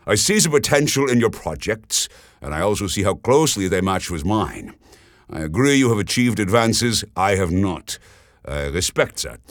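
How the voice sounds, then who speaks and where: A man voicing a suave, persuasive German businessman with a German accent, speaking politely and smoothly. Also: lowish voice, very animated, normal speed, no room sound, studio quality. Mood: courteous.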